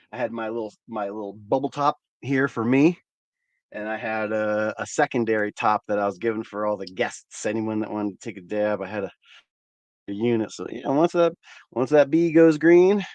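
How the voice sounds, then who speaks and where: A man's voice: on the low side, normal speed, no room sound. A man hosting a cannabis channel, chatting casually with viewers in a laid-back, rambling way, often repeating words and swearing freely. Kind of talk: casual livestream chat with viewers.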